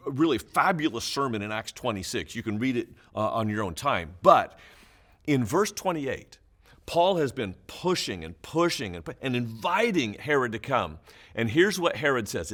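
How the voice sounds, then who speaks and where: Male pastor, animated Bible teacher, pitch leaping up and down, emphatic with chuckles. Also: moderate pace. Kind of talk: Bible teaching for small groups.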